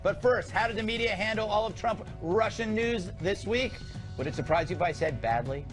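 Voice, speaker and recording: A man's voice: high voice, fairly quick, music in the background. A man hosting a comedy talk show, with wry, sarcastic banter and monologue jokes. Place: television studio.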